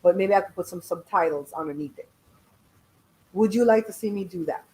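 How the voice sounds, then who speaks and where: A woman's voice: on the low side, a little fast, a little mellow, rough recording. Belizean woman, middle-aged, blunt and chatty host reading out her live chat. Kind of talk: casual live-stream chat.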